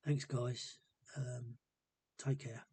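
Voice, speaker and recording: A man talking casually to camera in a hesitant, rambling and subdued way, with a gravelly, husky voice. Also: mid-range voice, flat delivery, extremely slow, mellow. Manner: hesitant and rambling, many ums. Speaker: vlogger. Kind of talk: casual personal monologue.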